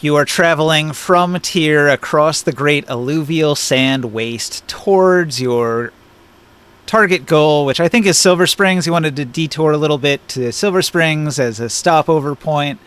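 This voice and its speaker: A man's voice: fairly high pitch, a bit bright, smooth. A man running a tabletop game on a live stream, chatty and explaining with many fillers. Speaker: game master.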